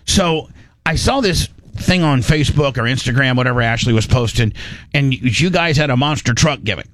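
A man's voice: mid-range voice, brisk, no echo. Rambling, chatty man host. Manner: rambling storyteller, many restarts, animated asides. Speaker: show host. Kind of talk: casual radio show banter.

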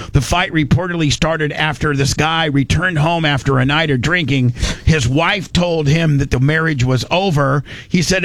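A man's voice: a little high, moderate pace, a bit bright, no room sound. A man hosting a radio show, chatting casually and joking, often restarting and correcting himself. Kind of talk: casual talk radio chat.

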